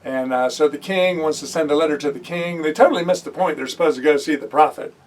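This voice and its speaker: A Bible teacher teaches a sermon in a fairly high, fast male voice, reading scripture and then stopping for conversational comments full of fillers and self-corrections. The rough recording was made from a distance.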